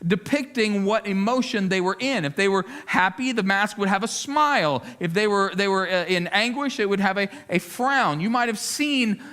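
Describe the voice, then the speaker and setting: A male lead pastor preaching a sermon, swinging between loud emphasis and hushed appeals, often repeating words as he gathers his thoughts. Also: high-pitched, normal speed, hardly any pauses.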